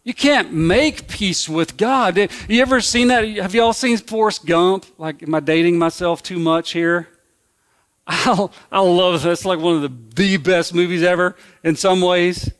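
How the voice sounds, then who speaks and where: A man's voice: high voice, normal speed, smooth. A man preaching a sermon as pastor, in a conversational, folksy way that repeats and restarts phrases.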